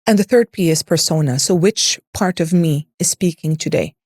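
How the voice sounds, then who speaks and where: A woman's voice: low-pitched, moderate pace, darkish tone, no room sound, clean studio sound. A woman voice coach explaining ideas in an interview, in an instructive way that uses lists and rhetorical questions. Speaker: voice and public speaking coach.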